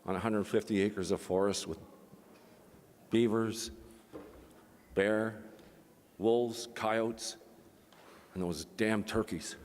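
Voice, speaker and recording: A man's voice: on the low side, steady tone, slow pace, pauses often, a little mellow, a little hiss or hum. An older man moderating a conference, telling a personal story and then making an impassioned appeal, his speech slightly slurred from facial palsy. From Canada. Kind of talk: conference talk. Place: large conference hall. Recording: long hall reverb.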